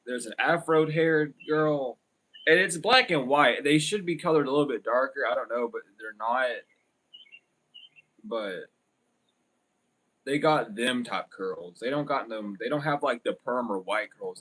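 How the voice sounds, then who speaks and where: A man's voice: medium pitch, a bit bright. A young man giving a casual tarot reading, rambling and blunt with plenty of swearing. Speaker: tarot reader.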